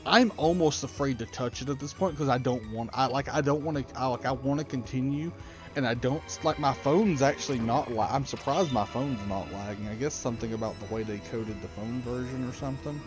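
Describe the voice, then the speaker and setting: A man's voice: medium pitch, a little fast, music in the background. A man hosting a game stream, chatting casually in a rambling way. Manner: rambling, chatty, frequent restarts and fillers. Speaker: streamer host. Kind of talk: casual chat while gaming.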